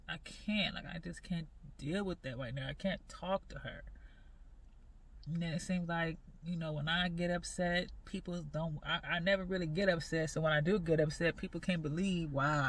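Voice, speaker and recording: Earnest, halting woman vlogger. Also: sits low, a little hiss or hum. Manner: halting, repeats phrases, earnest and devout. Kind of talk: personal faith vlog talk.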